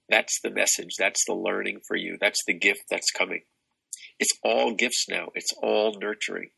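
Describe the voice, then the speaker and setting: A man's voice: on the low side, steady tone, moderate pace, vocal fry, bright, forceful tone, breathy edge, poor audio. An older man talking as a spiritual teacher guest in an expansive, rambling way, with many restarts. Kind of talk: casual spiritual conversation.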